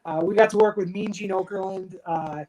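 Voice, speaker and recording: A man's voice: sits high, a little fast, a little hiss or hum, poor audio. A man in his forties from the United States, a retired soldier and pro wrestler, telling stories as a guest in a casual interview. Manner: animated storyteller acting out others' quotes.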